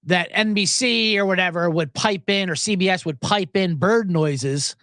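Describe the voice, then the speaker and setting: A man's voice: sits high, moderate pace, no echo, studio quality. A man hosting a sports betting podcast in a casual, rambling chat that swears now and then. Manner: animated, rambling and profane, with many restarts.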